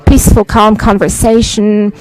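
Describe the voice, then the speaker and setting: A middle-aged man with a Polish accent gives a formal press statement in English as a visiting head of state. He speaks in a deliberate, emphatic way, stressing key words and often pausing on "uh" as he searches for phrasing. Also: sits high, little pitch movement, rough recording. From Poland. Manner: deliberate, emphatic, frequent "uh" hesitations.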